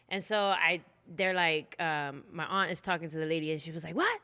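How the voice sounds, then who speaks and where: A woman's voice: on the low side, a little fast, few pauses, pushed and bright. A female comedian co-hosting a podcast, telling a story expressively. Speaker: comedian co-host. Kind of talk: podcast chat.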